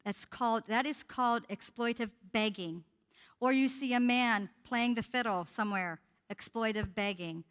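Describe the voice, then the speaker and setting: Older woman speaker, fairly high voice, earnest storytelling, church hall with long reverb. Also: normal speed, fairly bright tone, clear, resonant tone. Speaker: guest speaker on human trafficking. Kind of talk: church talk. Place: church sanctuary.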